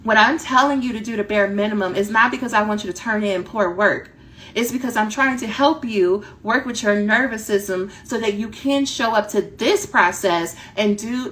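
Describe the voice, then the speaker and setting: A woman dissertation coach giving a direct, animated talk that acts out her students' inner voices. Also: on the high side.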